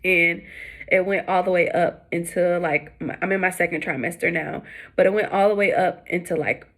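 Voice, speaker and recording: Chatty young woman with a gravelly edge. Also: moderate pace, a bit bright. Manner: chatty, many fillers, acts out quotes with high voice. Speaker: vlogger. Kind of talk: casual storytelling to camera.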